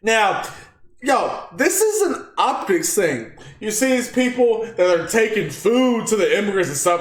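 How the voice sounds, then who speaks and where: A man's voice: high-pitched, big pitch swings, a little slow, roomy sound. A man with a Texan accent hosting casual political commentary, slangy and mocking, often laughing at his own jokes. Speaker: commentary channel host.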